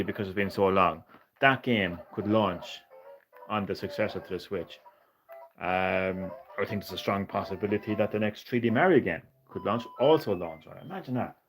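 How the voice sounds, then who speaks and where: A man streaming a retro game, chatting with viewers in a sweary, ranting way. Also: on the low side. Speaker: gaming streamer. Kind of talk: casual live-stream chat.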